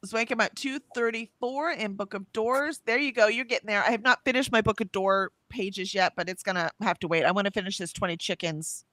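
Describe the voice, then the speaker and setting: A woman co-hosting a livestream, chatting casually and reading viewers' messages aloud with lively lifts in her voice. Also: medium pitch, fairly quick, few pauses, dry recording. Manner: chatty, reads messages with bright lifts, laughs often. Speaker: livestream co-host reading chat.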